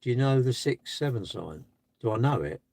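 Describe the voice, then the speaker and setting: A man's voice: medium pitch, expressive, normal speed, creaky, darkish tone, dry recording. A man chatting on a live stream from his parked car, rambling and asking rhetorical questions. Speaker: livestreamer. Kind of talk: casual live stream chat.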